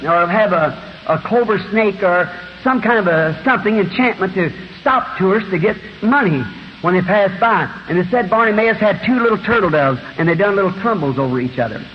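A preacher in his fifties with a high, ringing voice, swinging between hushed storytelling and sudden shouts. The recording is dull and old, with a long reverb from the big hall and a faint hiss underneath. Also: animated, fairly quick. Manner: dramatic, swings from hushed to shouting while acting out Bible scenes. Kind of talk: fiery revival sermon. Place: large church auditorium.

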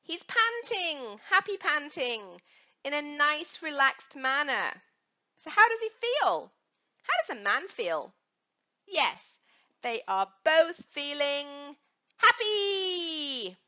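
A woman's voice: high-pitched, sing-song, slow pace, sharp tone. A woman teaching young children about dog safety, coaxing answers with questions and playful prompts. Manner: sing-song, coaxing questions to kids. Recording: dull lo-fi recording.

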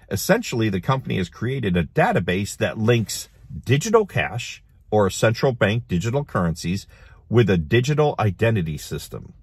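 A middle-aged man hosting a casual commentary show, reading headlines aloud and adding animated, laughing remarks. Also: lowish voice, slightly rough, no room sound. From United States. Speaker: host.

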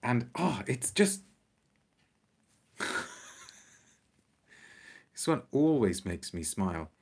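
A man's voice: mid-range voice, very animated, normal speed, gravelly, a little mellow, husky. A man hosting an unscripted live stream, chatting about perfumes and reading out viewer comments, enthusiastic and often repeating words as he thinks aloud.

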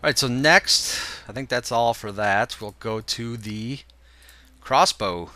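In a medium pitch and at an unhurried pace, a congested-sounding young man hosts a casual gameplay walkthrough video, relaxed and filling his commentary with fillers as he thinks aloud.

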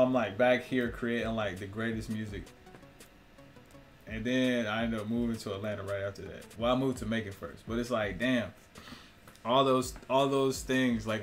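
With a fairly low, slightly bright voice, this man hosts his own channel and talks to camera in a loose, rambling way. He swears freely, laughs often and keeps throwing questions at his viewers.

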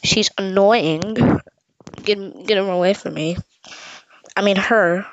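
A woman voicing an excitable, melodramatic hamburger character who gives comic reaction commentary, swinging between squeals and grumbles. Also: medium pitch, slow pace, no echo, lo-fi sound. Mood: dramatic.

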